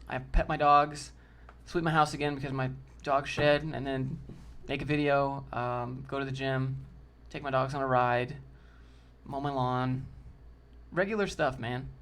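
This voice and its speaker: A man's voice: medium pitch, fairly bright tone. A man hosting a casual livestream, answering chat in a loose, slangy way and calling people dude and bro.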